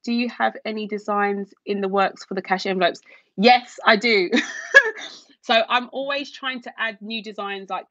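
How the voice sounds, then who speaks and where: A woman's voice: mid-range voice, steady tone, normal speed, a bit bright, no room sound, muffled recording. A young woman chatting casually on a livestream, gushing and using lots of fillers as she answers viewer comments. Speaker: YouTube livestream host and shop owner.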